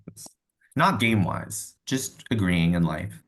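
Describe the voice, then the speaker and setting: A man's voice: low-pitched, lively intonation, unhurried, a bit bright. A man on a group call, a contestant in an online game, joking and playful in casual banter.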